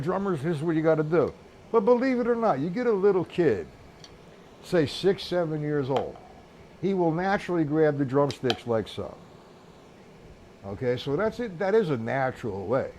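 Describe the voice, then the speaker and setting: A man's voice: on the high side, a little mellow. Man teaching drums over clicking noise. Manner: conversational, counts beats aloud. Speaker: drum teacher. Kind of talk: live-streamed drum lesson.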